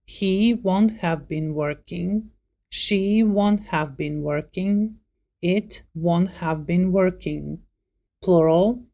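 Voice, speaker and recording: A woman teaches a grammar lesson in a slow, unhurried voice with a mellow, warm tone. Her pitch sits a little low, and she reads out example words one by one in a deliberate, scripted way. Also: gravelly.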